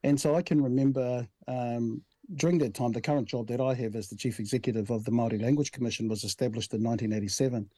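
A man in his sixties with a New Zealand accent, talking in an easygoing, storytelling way and often restarting his sentences. His voice is mellow and sits at a middle pitch. It sounds close and dry, with no room echo. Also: fairly even intonation, fast. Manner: easygoing storyteller, frequent restarts, says "bro" and "right?". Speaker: head of a national language commission. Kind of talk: relaxed conversational interview.

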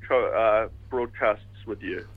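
A man's voice: on the low side, slow. A man calling in as a regular film correspondent, chatty and enthusiastic in casual radio talk. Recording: lo-fi call-in line.

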